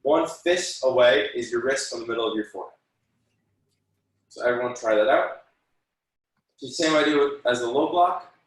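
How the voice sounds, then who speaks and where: Teaching students over video call from a very echoey room, a taekwondo instructor calls out counts and gives encouraging corrections to students by name. He has a mid-pitched voice, speaks from some distance off the mic, and moves at a moderate pace with long pauses.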